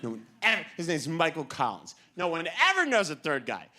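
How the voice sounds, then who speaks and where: A man from New doing a stand-up comedy set, telling stories and acting out voices with animated delivery. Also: on the high side, a little fast. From New York City. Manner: animated storytelling, acts out voices.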